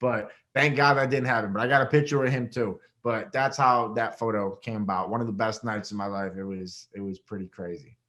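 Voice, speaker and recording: Swearing and animated, the reality-show-winning guest from Rochester, New York, speaks fairly quickly in a fairly low voice, barely pausing. He's a young man telling a story in a casual interview, his voice leaping as he acts out quotes.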